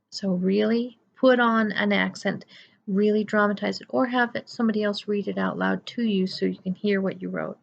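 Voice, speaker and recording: Gravelly-voiced woman lecturing. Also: medium pitch, dull audio. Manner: chatty, emphatic, playful asides. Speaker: college writing instructor. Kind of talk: recorded lecture.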